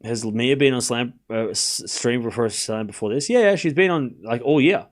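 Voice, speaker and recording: A man hosting a live tennis watchalong stream, calling points quickly, chatting with viewers and groaning out loud when things go wrong. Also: medium pitch. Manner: excitable, groans and cries out at points. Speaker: stream host.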